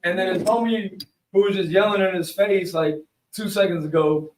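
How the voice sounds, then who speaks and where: A high-pitched man tells stories in an animated, profane rush. He sits back from the mic, and the room echoes around him. It sounds like a live webshow recap. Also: moderate pace, distant mic. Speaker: show co-host.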